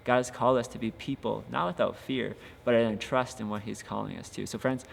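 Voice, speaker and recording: Earnest young youth pastor, reverberant room. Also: male voice, mid-range voice, steady tone, fairly quick, gravelly. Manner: earnest, encouraging, many filler "uh"s. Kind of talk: casual devotional podcast talk. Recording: long reverb with faint ambient noise.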